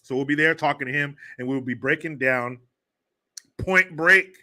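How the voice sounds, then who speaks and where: A man's voice: on the high side, moderate pace, sharp tone. A man hosting a livestream, ranting in profane, mocking commentary. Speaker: livestream host.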